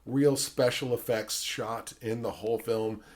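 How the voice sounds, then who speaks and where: A man in mid-pitch range hosts a relaxed film chat. He rambles through fillers, swears freely, and breaks into animated voices when he retells a story. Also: a little slow. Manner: acts out quotes in animated voices. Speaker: podcast host. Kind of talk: casual film discussion.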